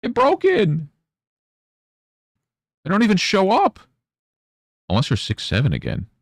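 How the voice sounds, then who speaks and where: A squeaky, babyish man-child whines in broken English, as a man puts him on. The falsetto sits far above a normal male voice and swoops in wild, animated bends. It sounds close and dry, with no room around it. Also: a little slow, no room sound, heavily acted. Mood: whining. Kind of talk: mock voice on a livestream.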